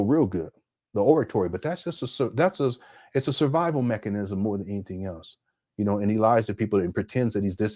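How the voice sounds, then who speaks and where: Animated middle-aged man on a livestream. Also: medium pitch, lo-fi sound. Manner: animated, laughing, emphatic, conversational with chat. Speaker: livestream commentary host. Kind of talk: casual livestream commentary.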